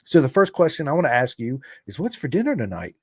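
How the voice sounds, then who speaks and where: A man with a Southern American country accent hosting a podcast, telling stories in an animated, casual way. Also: medium pitch, fast talker, slightly rough, no room sound, clean studio sound. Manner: animated storyteller, says dude and bro a lot. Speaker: podcast host. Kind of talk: casual chat.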